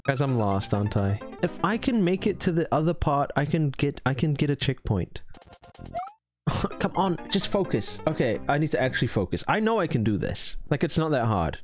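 Excitable swearing male game streamer. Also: fairly high pitch, normal speed, music in the background. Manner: excitable, swears a lot, yells in frustration, jokey. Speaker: streamer playing in a tournament. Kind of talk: casual live-stream commentary while gaming.

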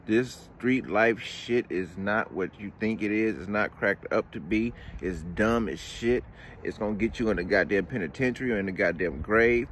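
A man's voice: on the low side, moderate pace, a little hiss or hum. Heated profane man ranting. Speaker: commentary vlogger. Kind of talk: casual rant.

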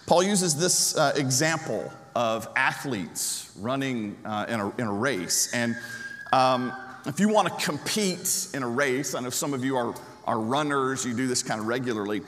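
A man's voice: mid-range voice, expressive, moderate pace, fairly bright tone. A man preaching a conversational sermon, with frequent restarts and asides to the congregation. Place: church sanctuary. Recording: long church reverb.

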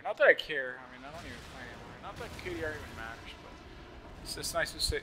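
A young man with a slight lisp giving casual, joking live commentary over his own shooter gameplay, swearing often and yelling at other players. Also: mid-range voice, slight background noise. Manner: joking, swears often, yells at opponents and teammates.

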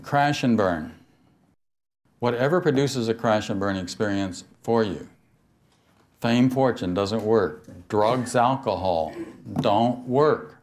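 A man's voice: lowish voice, slow pace, a little mellow. An older man giving a spiritual talk to an audience, telling stories, laughing and asking his listeners questions. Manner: storytelling, asks the audience questions, laughs often. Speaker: speaker on mysticism.

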